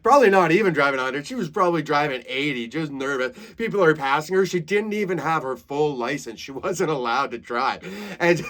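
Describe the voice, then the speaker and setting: Animated man telling stories. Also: a little high, brisk. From Saskatchewan, Canada. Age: 30s. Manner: animated, swears freely, laughs through his own stories. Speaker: comedian podcast host. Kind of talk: casual comedic storytelling.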